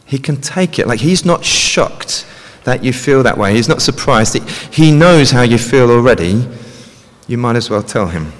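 A man's voice: medium pitch, animated, normal speed. A man preaching a sermon in a conversational way, often ending points with tag questions. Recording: long reverb of a large hall.

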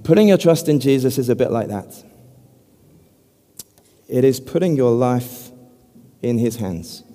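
A man giving an earnest evangelistic talk as a preacher, speaking gently and slowing down to lead a prayer. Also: mid-range voice, expressive. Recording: long hall reverb.

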